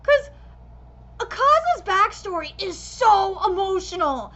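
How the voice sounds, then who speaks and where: High, bright-voiced woman ranting in reaction. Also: expressive, moderate pace, lo-fi sound. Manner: passionate, profane ranting critique. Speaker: anime reaction streamer. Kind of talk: live reaction commentary.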